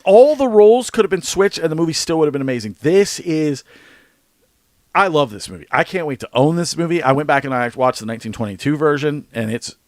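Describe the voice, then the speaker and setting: A man co-hosting a movie podcast, talking casually and excitedly, rambling and swearing a lot. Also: on the high side, a little fast, dry recording. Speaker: podcast co-host. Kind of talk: casual movie review chat.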